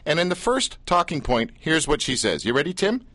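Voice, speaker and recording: A man's voice: on the high side, big pitch swings, brisk, sharp tone, no room sound. A man hosting a comedic radio show, playful and joking with his co-host.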